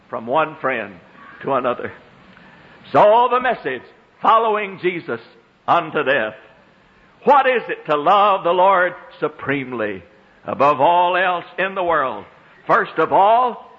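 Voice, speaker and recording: A man preaches a sermon that swings from hushed, low phrases to high, ringing exclamations, drawing out scriptural lines in old-fashioned diction. The recording has long hall reverb and a dull lo-fi sound.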